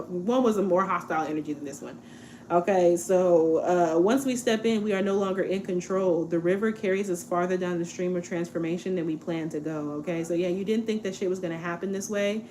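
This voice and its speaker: A woman's voice: lowish voice, a little hiss or hum. Chatty young woman reading tarot. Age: 20s. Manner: chatty, relaxed, says "okay?" a lot. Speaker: tarot reader.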